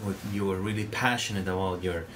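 A man with a Spanish accent hosts a relaxed interview podcast. His voice sits on the low side and he circles his questions with fillers and restarts. Clear background noise hangs in the room. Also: fairly quick. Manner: hesitant, many fillers and restarts. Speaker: podcast host. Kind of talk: casual interview chat.

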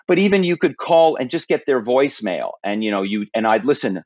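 A man speaking as a podcast guest, telling stories in an animated way and slipping into impersonations. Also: medium pitch, fairly quick, hardly any pauses, dry recording, dull audio. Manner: animated storyteller who slips into impersonations. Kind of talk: interview conversation.

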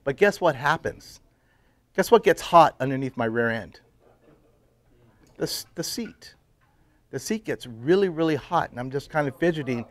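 A middle-aged man telling his personal faith story to a men's group, drifting into hushed, emotional moments. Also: on the high side, lively intonation, normal speed, long pauses, no room sound. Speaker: testimony speaker at men's breakfast.

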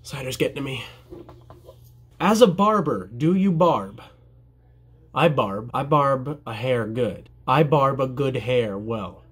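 A man's voice: medium pitch, animated, takes it slowly, long pauses, fairly bright tone, slightly rough. A young man, a barber, answering viewer questions in a casual vlog, joking at his own expense and mimicking his customers. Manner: jokey, self-deprecating, mimics customers.

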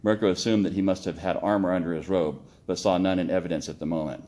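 A man reading his own story aloud, steady with occasional slips and self-corrections. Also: deep voice, quick pace.

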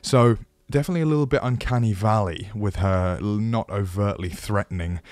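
Chatty low-voiced man teaching voice work. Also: brisk, a little mellow, dry recording. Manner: chatty, enthusiastic, self-deprecating. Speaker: host of a voice-acting channel. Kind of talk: casual tutorial chat.

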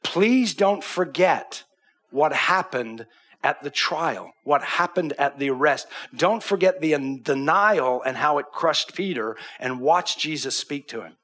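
A man delivers a sermon as a pastor, his voice bright and a little husky. He sits somewhat high for a man. When he quotes Bible figures, he drops to a hushed near-whisper. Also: lively intonation, measured pace.

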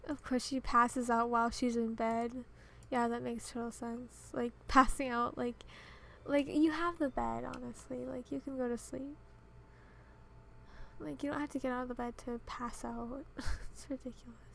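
A young woman with a high voice talks over her game at a home desk mic, casual and exasperated. She mutters at the characters and complains openly. Faint noise sits under the recording. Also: fairly even intonation, moderate pace, creaky, fairly bright tone. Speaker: gaming channel host. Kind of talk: casual gameplay commentary.

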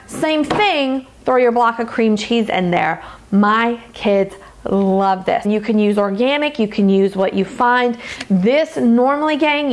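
Woman, Louisiana accent, fairly high voice, chatty upbeat cooking host, casual tutorial. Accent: Louisiana Southern. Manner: chatty, upbeat, addresses viewers as gang and y'all.

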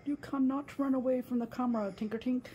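A woman's voice: high-pitched, steady tone, fast, mellow, muffled recording, slight background noise. A woman filming her dog at home, talking to it in cooing baby talk with lots of laughs. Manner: cooing, teasing, often laughing.

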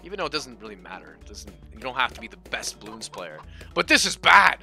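A game streamer chats casually to his viewers, cursing freely. His voice is sharp and bright, and his pitch swoops from loud outbursts to low mumbles. Faint game music plays behind him. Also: sing-song, moderate pace, creaky. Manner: swearing, rambling, switching between loud outbursts and mumbling. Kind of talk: casual live-stream commentary.

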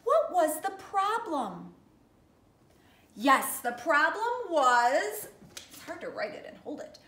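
A woman's voice: sits high, very animated, slow pace, bright, forceful tone, reverberant. A woman teaching young children, speaking in an encouraging way and addressing them as friends. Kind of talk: children's lesson and story reading.

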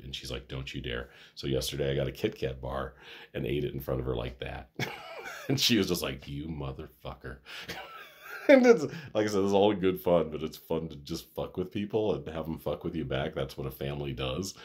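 A man's voice: extremely low pitch, breathy edge. A middle-aged man rambling casually in a personal vlog, laughing often and swearing freely. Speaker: vlogger.

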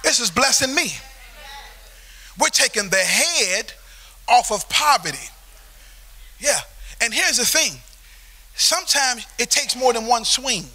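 A man preaching a sermon as pastor, telling a story in an animated way that swells into shouting. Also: very high voice, measured pace, pauses often. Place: church sanctuary.

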